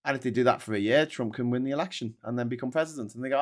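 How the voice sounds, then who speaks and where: A man's voice: medium pitch, racing. A British man hosting a political commentary show, ranting in a heated, mocking, sweary way.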